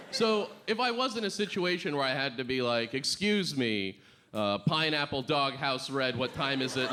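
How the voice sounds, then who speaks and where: A man doing a stand-up set with a halting, deadpan delivery full of fillers and restarts. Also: mid-range voice. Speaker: stand-up comedian. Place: comedy club stage before a live audience. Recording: loud crowd laughter and noisy club ambience.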